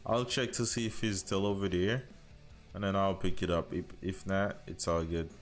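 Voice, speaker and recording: A man's voice: low voice, steady tone, moderate pace, faint music behind. A man streaming a hunting game live, chatting casually with viewers and calling them bro. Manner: laid-back, calls viewers bro. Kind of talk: live-stream gaming chat.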